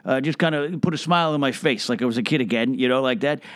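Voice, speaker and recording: A man's voice: medium pitch, fast, no room sound, studio quality, natural voice. A man playing a boastful, rambling old Hollywood producer who name-drops and restarts his sentences in a comedic monologue. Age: older. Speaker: film producer character.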